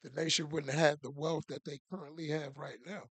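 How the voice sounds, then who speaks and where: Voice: medium pitch, little pitch movement, fairly quick, fairly bright tone, husky, no echo. A podcast cohost who mostly gives short affirming replies.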